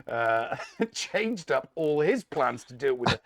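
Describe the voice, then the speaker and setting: Gravelly, lively male co-host. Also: mid-range voice, slow. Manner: recaps matches with dry humor, some hesitations. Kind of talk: casual gaming show recap.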